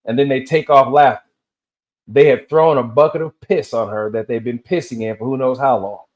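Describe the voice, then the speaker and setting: A man from Tennessee in his fifties, with a mid-range voice at normal speed, delivers a rambling solo rant as a vlogger. His loosely told stories drift across tangents.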